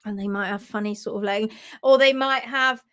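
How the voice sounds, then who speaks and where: A woman's voice: medium pitch, steady tone, normal speed, fairly bright tone, clean tone. A woman presenting a casual live stream on hoof care, chatty and giggly.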